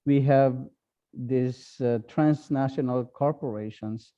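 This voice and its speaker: A man with a Filipino accent, a priest giving an online talk, speaking slowly and haltingly with many fillers. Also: mid-range voice, dark tone, dull audio. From Philippines. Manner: slow, halting, with frequent fillers.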